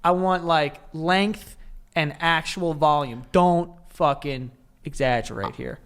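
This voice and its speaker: A man's voice: a little high, takes it slowly, a bit bright, clear, resonant tone. A man in his thirties co-hosting a podcast, bantering bluntly with profanity and laughing easily. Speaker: podcast co-host.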